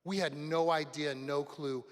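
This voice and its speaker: Animated man telling a story in a hall. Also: a little high, measured pace. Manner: animated, shouting the exciting parts. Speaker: graduation speaker. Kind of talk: storytelling speech. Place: large graduation venue. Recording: long reverb of a large hall.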